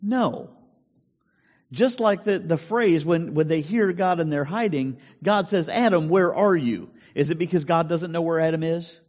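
A man's voice: a little high, measured pace, a little mellow. A male pastor preaching a sermon in a conversational way, full of rhetorical questions. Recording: long hall reverb.

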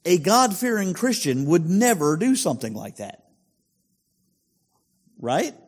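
A man's voice: high-pitched, sing-song, moderate pace. A male pastor preaching a sermon in a conversational way, full of rhetorical questions. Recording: long hall reverb.

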